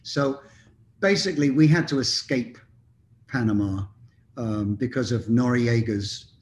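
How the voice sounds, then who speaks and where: A man's voice: mid-range voice, a little slow. An older man, a musician guest, telling long anecdotes in a casual interview, rambling with frequent ums and restarts.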